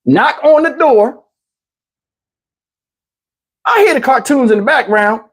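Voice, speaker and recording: A middle-aged man casually telling a personal story in an animated, streetwise way, with lots of "you know what I'm saying" asides. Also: very high-pitched, slow, slightly rough. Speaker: YouTube storyteller.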